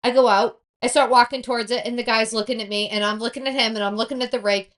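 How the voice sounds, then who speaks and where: This woman co-hosts a podcast in casual conversation, her voice fairly high and her delivery fast. She swears a lot as she tells lively, animated stories.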